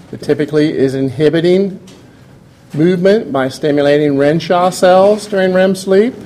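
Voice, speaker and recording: A man, lecturing a class and stopping now and then to put questions to the room. His voice sits a little high. Faint room hum runs underneath. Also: warm tone. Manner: explanatory, asks the class questions.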